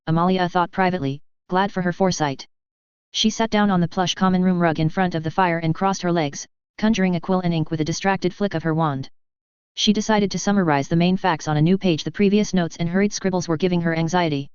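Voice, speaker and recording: A woman reading fan fiction aloud as narrator in a steady, even manner, on a dull lo-fi recording. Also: fairly low pitch, brisk, smooth, no room sound.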